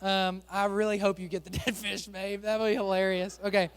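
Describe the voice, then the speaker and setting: A man's voice: high voice, level tone, a little fast, smooth, in a large hall. A male pastor giving a playful sermon, joking and chatting with volunteers on a church stage.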